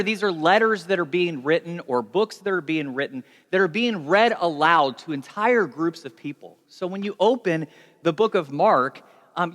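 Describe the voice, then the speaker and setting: A young adult man preaching a sermon as pastor, telling stories in a conversational, animated way. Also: fairly high pitch. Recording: long reverb of a large hall.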